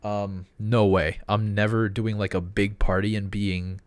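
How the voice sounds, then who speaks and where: A man's voice: fairly low pitch, level tone, unhurried, clean tone, no echo. A man co-hosting a podcast in casual chat, laid-back and loose. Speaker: podcast co-host.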